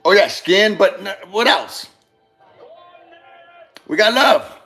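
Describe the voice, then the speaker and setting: A man's voice: sits high, expressive, slow pace, creaky, pushed and bright, soft background music. A man giving a casual motivational talk, rambling and repeating himself, swearing now and then and calling listeners brother. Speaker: speaker giving a monologue on love.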